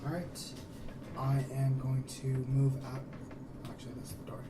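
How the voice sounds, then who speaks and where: A man's voice: mid-range voice, monotone, moderate pace. A man playing a tabletop game, rowdy and profane as he declares his attacks. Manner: boisterous, swearing. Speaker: player. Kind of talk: casual tabletop game play. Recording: echoey room from far off with noise.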